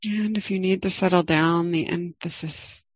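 A middle-aged woman leading a guided meditation, speaking calmly and gently with long pauses. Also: lowish voice, dry recording, poor audio. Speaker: meditation teacher.

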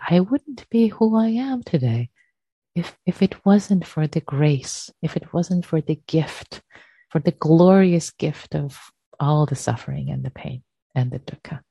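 A woman giving a gentle dharma talk as a meditation teacher, repeating phrases softly. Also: low voice, unhurried, slightly rough, no room sound, muffled recording.

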